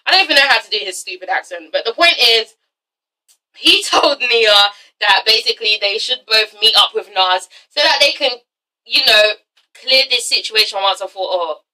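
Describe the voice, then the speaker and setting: A woman hosting a blunt, animated casual vlog review, swearing freely. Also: a little high, moderate pace, far from the mic, low-quality recording. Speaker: vlog host reviewing a reality TV show.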